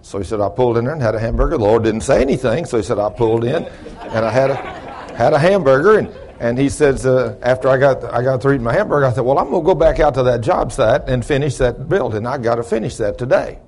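Male preacher, middle-aged, folksy sermon storytelling, loud bursts of praise. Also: medium pitch, animated, quick pace, a faint crowd, slight background noise. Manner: shouts praise, then drops to quiet storytelling. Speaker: pastor.

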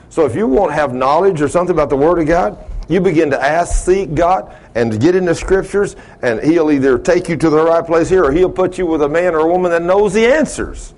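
A man preaching a sermon in a folksy storytelling way, laughing at his own stories and swinging between loud and hushed. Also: a little high, expressive, brisk.

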